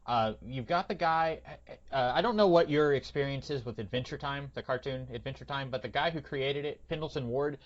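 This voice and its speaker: A man co-hosting a podcast, talking about films in a loose, chatty way with halting fillers. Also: medium pitch. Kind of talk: casual film discussion. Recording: dull lo-fi podcast audio.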